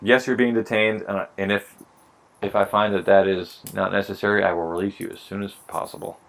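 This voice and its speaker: Gravelly low-voiced man, wry and profane. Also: little pitch movement, fairly quick. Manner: profane, wry storytelling with mock dialogue. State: a little tipsy. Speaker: podcast co-host explaining police hiring. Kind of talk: casual drinking-podcast chat.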